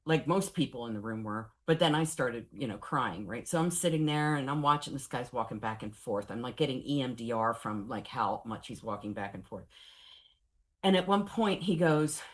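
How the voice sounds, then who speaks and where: A woman in her forties leads a professional training session on traumatic grief. Her voice sits low, and she talks with candid, animated energy and a wry sense of humor. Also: moderate pace. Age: 40s.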